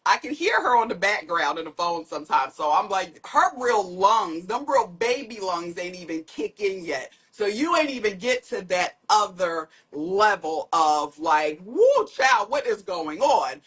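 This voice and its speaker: A woman in her thirties co-hosting a casual chat, sassy and animated, breaking into loud outbursts as she tells stories. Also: fairly low pitch, unhurried, few pauses, slightly rough. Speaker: podcast co-host.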